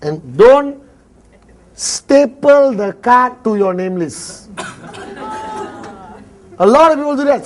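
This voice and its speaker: A man's voice: very high-pitched, expressive, slow pace, pauses often. A man with a Malaysian English accent giving a motivational seminar talk to a live audience, joking, acting out little dialogues and laughing often. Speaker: motivational speaker.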